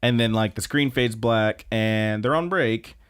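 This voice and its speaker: A young man co-hosting a podcast, recapping anime episodes in a rambling, animated way and acting out character lines. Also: lowish voice, a little slow, clean tone. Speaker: podcast co-host. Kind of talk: casual anime recap chat.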